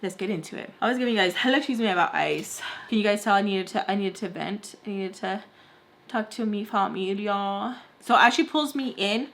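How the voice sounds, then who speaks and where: A woman's voice: medium pitch, brisk. A young woman vlogger telling a storytime while doing her makeup, rambling with lots of "like" fillers and dropping in Spanish words. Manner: rambling, heavy "like" fillers, animated retelling. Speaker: beauty vlogger.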